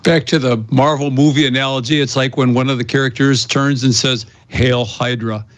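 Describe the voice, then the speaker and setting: A man's voice: medium pitch, flat delivery, a little fast. A male talk show host chatting casually with a guest, making jokes and laughing easily. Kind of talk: casual interview chat.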